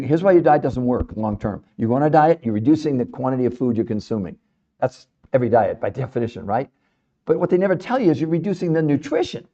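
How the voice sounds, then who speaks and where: A man hosting a podcast, delivering an animated, emphatic health talk full of rhetorical questions to his audience. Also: medium pitch, dull audio. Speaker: podcast host.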